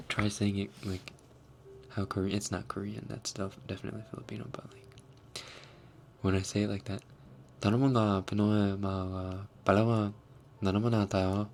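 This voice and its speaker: A young man hosting an ASMR livestream, reading chat in a soft, often whispered voice and chuckling as he tries out foreign words. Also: lowish voice, vocal fry. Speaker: livestream host.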